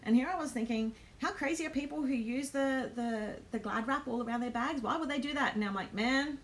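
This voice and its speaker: A woman's voice: high voice, fairly quick, slight background noise. An Australian woman hosting a live stream, telling a travel story in a chatty way, with lots of ums and nervous laughs.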